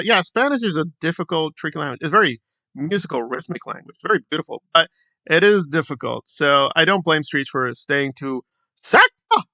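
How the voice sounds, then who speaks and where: A man's voice: fairly high pitch, bright, forceful tone, no room sound. A man hosting a sarcastic commentary vlog who mocks the people he discusses and acts out their quotes in put-on voices. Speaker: commentary channel host.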